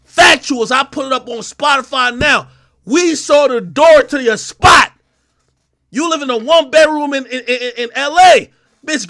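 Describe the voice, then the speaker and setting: A man from Jamaica hosting his own show, delivering a profane, aggressive, confrontational rant and often breaking into shouts. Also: very high-pitched, gravelly. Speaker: host. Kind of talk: ranting livestream commentary.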